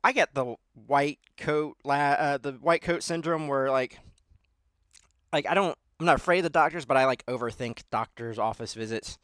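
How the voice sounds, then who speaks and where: A man's voice: medium pitch, normal speed, a bit bright, no room sound, studio quality. A man hosting a podcast in casual chat, rambling and self-deprecating, with lots of fillers. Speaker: podcast host.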